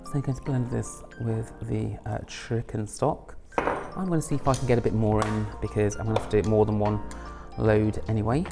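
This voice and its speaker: A man's voice: fairly low pitch, flat delivery, a little fast, creaky, loud music behind the voice. A man chatting casually through a home cooking video, rambling with self-mocking asides. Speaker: home cook and channel host. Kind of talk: casual cooking vlog chat.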